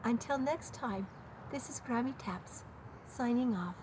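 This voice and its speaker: An older woman with a somewhat high voice speaks gently to her grandchildren. She uses simple, tender words meant for small children. A steady background noise sits under her voice. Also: unhurried. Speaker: host.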